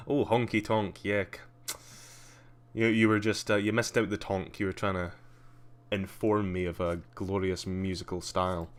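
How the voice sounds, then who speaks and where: A man's voice: low-pitched, level tone, a little slow. A man with a Scottish accent that carries a slight posh edge, chatting casually and drily while streaming a game. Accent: Scottish with a slight posh English tinge. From Scotland. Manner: chatty, dry, self-mocking. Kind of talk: casual livestream commentary.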